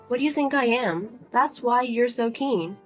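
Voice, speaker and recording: A woman's voice: a little high, normal speed, soft background music, pitched below the performer's own voice, natural voice. A woman voicing a single adult daughter who speaks bluntly and coldly to her mother. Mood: firm, exasperated. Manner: blunt, cold, lecturing.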